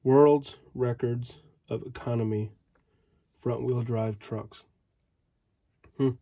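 A man's voice: medium pitch, fairly even intonation, slow, dark tone. A man flipping through an old magazine, reading ad headlines aloud in fragments and adding offhand casual remarks.

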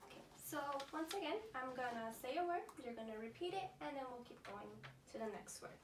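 A woman speech clinician coaxes a child through words, slow and encouraging. Her pitch rises and falls freely. She sounds a little distant in a roomy space, with a faint hiss behind her. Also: animated. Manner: slow, patient, encouraging prompts. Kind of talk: therapy session with a child.

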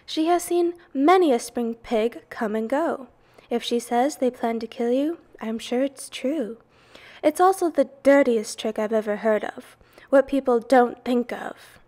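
A woman voicing a calm, brisk female spider in a storybook read-aloud, firm and matter-of-fact. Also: on the high side, lightly acted. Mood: thoughtful.

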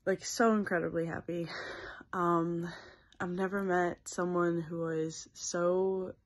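A young woman recording a heartfelt video message on her phone, halting and earnest with many pauses. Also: fairly low pitch, darkish tone. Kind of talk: self-filmed video message. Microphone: phone held by speaker.

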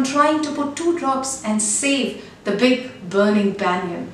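A woman's voice: fairly high pitch, animated, very noisy. Earnest woman narrating in a very echoey room. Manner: earnest, measured storytelling. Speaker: appeal narrator. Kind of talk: storytelling appeal voice-over. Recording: very echoey, distant, with faint music.

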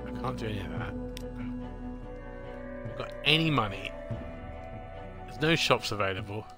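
A man's voice: fairly low pitch, lively intonation, moderate pace, over loud music. A man hosting a gameplay video, reading game text aloud with self-deprecating, muttered asides. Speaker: let's play host.

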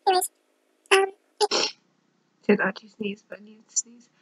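A woman vlogging in a soft, gentle half-whisper, speaking in a flat monotone with a stuffy nose from hay fever. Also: mid-range voice, fast talker, husky, no room sound, rough recording. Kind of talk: soft-spoken late-night vlog. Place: brother's bedroom, indoors.

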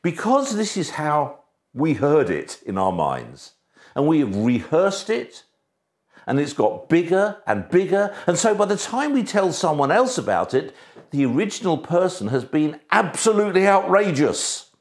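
Animated male preacher with a lively voice. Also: a little high, unhurried. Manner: emphatic, shifts between soft and raised delivery. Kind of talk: sermon.

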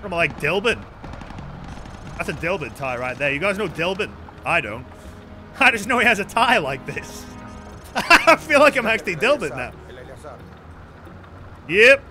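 A man's voice: high voice, big pitch swings, normal speed, long pauses, sharp tone, faint music behind. A young man streaming a video game with rambling, joking, profane commentary. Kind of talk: casual gameplay commentary.

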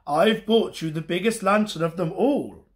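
A man voicing a big, patient, caring father bear in a storybook reading, speaking gently and soothingly. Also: sits high, moderate pace.

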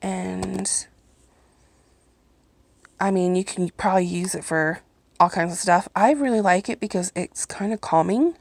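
A woman talks at an unhurried, drawn-out pace into a handheld phone at home. She gushes over what she unpacks and breaks off for small apologies, in an easy, chatty way. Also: fairly low pitch, creaky, darkish tone, dry recording. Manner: gushing, slow and chatty, apologetic asides. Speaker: vlogger reviewing products. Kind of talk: casual unboxing chat. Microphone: phone held in hand, then set down.

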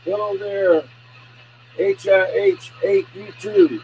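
A man chatting casually and calling out loudly over a CB radio. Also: high-pitched, big pitch swings, slow pace, gravelly. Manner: folksy, calls out loudly over the air. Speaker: CB radio operator. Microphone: CB radio handset. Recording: CB radio with loud static.

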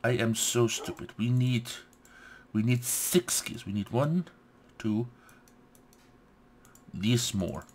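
A man's voice: mid-range voice, takes it slowly, pauses often, darkish tone, a little hiss or hum. A man hosting a let's play, talking himself through crafting steps and muttering "yes, yes" to himself. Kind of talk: gameplay commentary.

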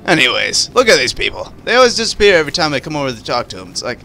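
A man in his own casual let's-play commentary, his voice swinging widely up and down as he reacts to the game. The tone is bright and a little high, playful and freely profane, with faint music under it. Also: rapid-fire, vocal fry. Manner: animated, playful and profane, talking over gameplay. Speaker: gaming channel host.

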